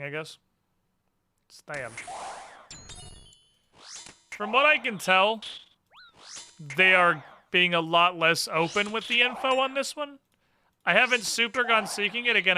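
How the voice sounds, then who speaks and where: A man with a high, very bright voice chats casually while streaming a game. He is sardonic and mutters under his breath between rants, and a faint hiss sits behind him. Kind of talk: casual live-stream chat while gaming.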